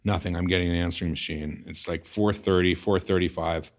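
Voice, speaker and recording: A middle-aged man from the San Fernando Valley, a guest telling a story in an interview and acting out old conversations with big jumps in his voice. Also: brisk. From the San Fernando Valley, California. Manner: animated storyteller acting out past conversations, voice jumping high in excitement.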